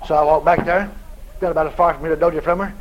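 A man preaching a sermon through a dramatic story, animated and bursting into shouts. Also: fairly high pitch, racing, muffled recording, a little hiss or hum.

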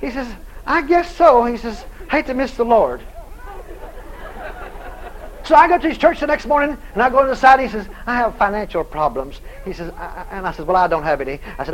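Male preacher, very high and animated, storytelling sermon with acted-out dialogue, faint background noise. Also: normal speed, pauses often, rough recording.

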